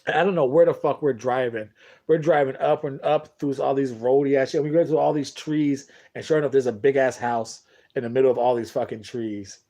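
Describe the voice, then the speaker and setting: A man's voice: medium pitch, steady tone, fairly quick, warm tone. Profane, rambling man telling a story. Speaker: boxing show talker. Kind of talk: casual storytelling to camera.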